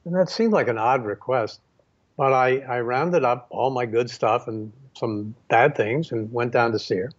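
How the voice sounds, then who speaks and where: A man recalling his past in a reflective, unhurried storytelling manner, pausing often and restarting his sentences. His voice sits at a middling pitch. The recording sounds dull and slightly lo-fi. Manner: unhurried, many fillers and restarts. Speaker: photographer guest.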